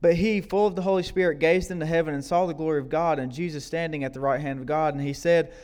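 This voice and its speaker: A man's voice: on the high side, steady tone, fast, hardly any pauses, darkish tone. A man preaching a sermon to a congregation in a loose, conversational way. He often adds "right?" to his lines and repeats his words. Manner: questions and prompts the congregation. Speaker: guest preacher. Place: church service before a congregation.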